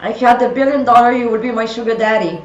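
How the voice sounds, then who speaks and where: A woman's voice: a little high, fast talker, reverberant, muffled recording, soft background music. A woman in her forties with a French accent, chatting playfully with her viewers on a stream. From France. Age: 40s. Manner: playful, teasing viewers by name. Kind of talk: casual chat with live chat.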